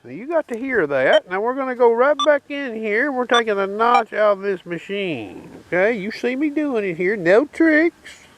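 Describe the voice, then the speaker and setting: A man with a Southern US drawl talks his viewers through a metal detector test outdoors, his voice sitting high and moving up and down a lot. His talk is folksy and chatty, full of "okay?" and "boys." Loud background noise runs under the recording. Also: animated, moderate pace, few pauses. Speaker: metal detecting channel host. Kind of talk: casual demonstration talk. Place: outdoors at a dig site. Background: detector tones and noise.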